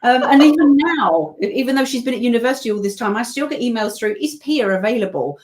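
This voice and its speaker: A woman's voice: fairly high pitch, expressive, fast talker, darkish tone. A British woman who works as a voice-over narrator, chatting as a guest in a casual interview, talking in long rambling stories full of asides. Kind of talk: casual video-call interview.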